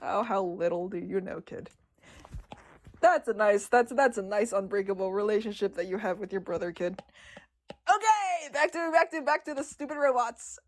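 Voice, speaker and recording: A young woman artist chatting casually on a livestream about her drawings, excitable and giggly, laughing often. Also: mid-range voice, normal speed.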